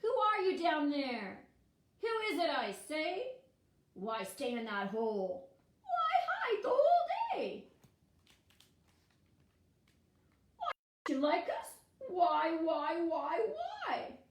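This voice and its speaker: Friendly, eager storybook bear, played by a woman, lively, bouncy pitch, echoey room. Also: slow pace, full character voice. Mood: pleading.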